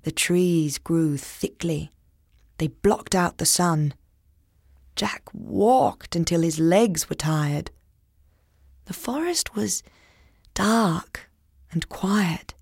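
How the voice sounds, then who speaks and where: A woman slowly reading a children's story aloud in a clear, expressive way. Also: fairly low pitch, no echo, studio quality. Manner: slow, expressive. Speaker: narrator.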